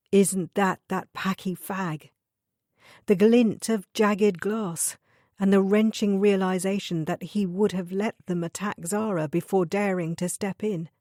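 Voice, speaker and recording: A woman narrating an audiobook thriller in a measured, even storytelling manner. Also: mid-range voice, no room sound, studio quality. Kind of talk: scripted narration.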